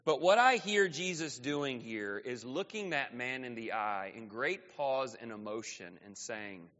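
A male pastor preaching a sermon. His voice swings from loud to soft within a breath. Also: mid-range voice, animated, measured pace. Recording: dull sound with long reverb in a hall.

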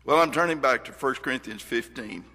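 A man's voice: mid-range voice, fairly quick, sharp tone, big-room sound, soft background music. A man preaching a sermon, reading scripture aloud with earnest emphasis and shifting volume.

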